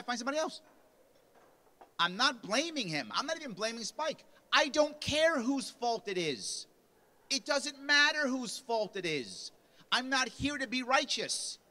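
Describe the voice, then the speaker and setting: A man whose high voice is bright and forceful delivers a punchy motivational speech at a party convention. In the convention lunch hall, he acts out quotes, raising his volume as he goes.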